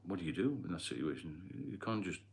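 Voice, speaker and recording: Deep-voiced man with a Geordie-London accent. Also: sing-song, a little fast, vocal fry. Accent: Geordie and London mix. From Northeast England. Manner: rambling, reads out viewer comments. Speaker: livestream host. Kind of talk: casual livestream chat.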